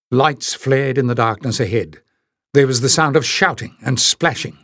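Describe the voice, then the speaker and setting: A man's voice: mid-range voice, moderate pace, a bit bright, dry recording, clean studio sound. A man reading a fantasy audiobook in a dramatic storytelling manner. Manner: dramatic, lifting his voice for the characters. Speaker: audiobook narrator. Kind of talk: scripted audiobook narration.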